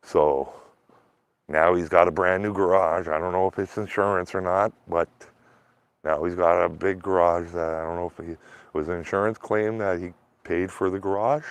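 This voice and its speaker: A man with a fairly low voice chats casually outdoors in a neighborhood, filming on a handheld phone. His talk is rambling and loose, full of fillers, restarts and half-finished thoughts. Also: steady tone, moderate pace, dry recording. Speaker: street vlogger filming outdoors. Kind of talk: casual rambling vlog commentary.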